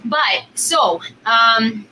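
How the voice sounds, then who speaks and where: A woman's voice: fairly high pitch, expressive, drawn-out words, pushed and bright, slight background noise, rough recording. A young woman vlogging in a casual, rambling way, full of fillers and repeated words as she chats with strangers. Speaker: video chat vlogger. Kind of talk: casual vlog chat.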